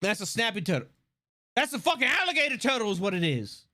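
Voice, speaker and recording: A man's voice: high voice, fast. A man streaming live, chatting casually and animatedly with lots of swearing and laughter. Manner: animated, profane, laughing often.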